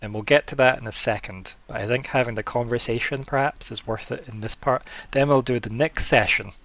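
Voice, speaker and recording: A man's voice: mid-range voice, fairly even intonation, brisk, a bit bright, dry recording. A man as game master, narrating a tabletop game in a casual, rambling way. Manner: casual, filler-heavy.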